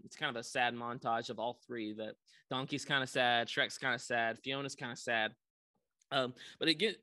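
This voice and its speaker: A man's voice: medium pitch, bright, forceful tone, no room sound. A young man casually recapping a movie on a podcast, rambling with lots of ums and likes. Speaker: podcast co-host.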